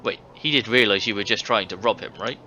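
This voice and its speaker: A man's voice: on the low side, fast, bright, forceful tone. A man voicing a young villager in a video game, earnest and inquisitive. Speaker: player character. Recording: dull game audio with faint hiss.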